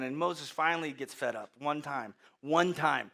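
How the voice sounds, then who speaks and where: A man preaching a sermon as pastor, moving from hushed, quiet lines to loud, animated storytelling. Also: a little high, moderate pace, few pauses.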